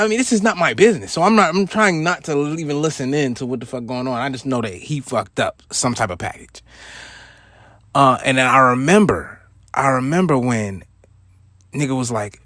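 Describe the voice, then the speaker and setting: A man's voice: medium pitch, expressive, a little fast, a bit bright, no echo, clean studio sound. A man casually telling a personal story in loose street slang, peppered with "you know what I'm saying.". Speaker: storyteller host.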